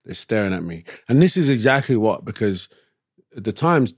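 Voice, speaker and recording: Animated male storyteller, dry close sound. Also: lowish voice, brisk, husky, dry recording. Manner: animated storyteller who acts out other people's lines. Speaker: actor, interview guest. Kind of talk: casual storytelling chat.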